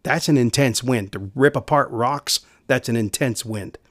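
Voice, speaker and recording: A man preaching a sermon in an earnest way, repeating key phrases and going soft for quiet lines. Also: medium pitch, moderate pace, dry recording, studio quality.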